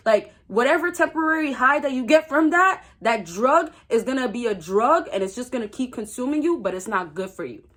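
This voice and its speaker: A young woman with a fairly high voice talks straight to her viewers in a casual advice vlog. She is blunt and emphatic, and she hammers her points home by repeating key phrases. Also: expressive, a little fast, few pauses, a bit bright. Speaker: dating advice vlogger. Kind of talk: casual advice monologue to camera.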